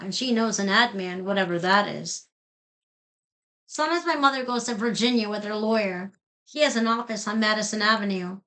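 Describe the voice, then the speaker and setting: Bright, animated woman reading a storybook. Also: fairly high pitch. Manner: animated, playful, giggling between pages. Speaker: children's book reader. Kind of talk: storybook read-aloud.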